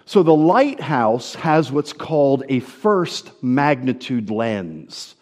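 American preacher with a lively, swinging voice. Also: male voice, takes it slowly. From New Jersey, USA. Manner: expressive storytelling delivery, lively swings of pitch. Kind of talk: sermon with scripture reading.

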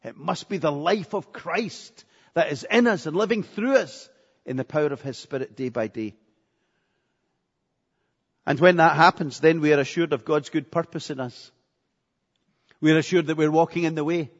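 A man's voice: fairly high pitch, moderate pace, long pauses. A man preaching a sermon with earnestness, repeating phrases for emphasis. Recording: echoey hall, dull lo-fi sound.

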